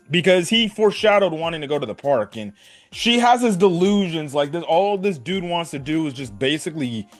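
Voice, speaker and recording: Lively, laughing man reviewing a show. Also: on the high side. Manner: animated, laughs often, swears, keeps asking "right?". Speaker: anime reviewer. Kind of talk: casual video review.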